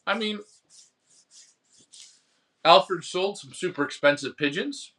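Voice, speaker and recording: A man's voice: high voice, expressive, takes it slowly, sharp tone. A man hosting a pigeon racing show, telling a rambling story about an auction and answering viewer comments in casual chat. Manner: rambling storytelling, acts out phone bids. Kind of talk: casual live-stream chat.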